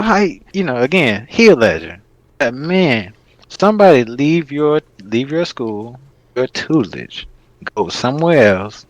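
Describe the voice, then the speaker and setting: A man's voice: medium pitch, no echo, poor audio. Profane, heated man ranting on a podcast. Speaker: podcast host. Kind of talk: casual podcast debate.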